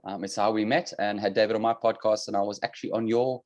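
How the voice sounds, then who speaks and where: A man's voice: lowish voice, steady tone, fast, highs cut off. A man with a South African accent, a podcast guest chatting casually over a video call with dry, joking humor. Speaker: podcast guest, fitness coach.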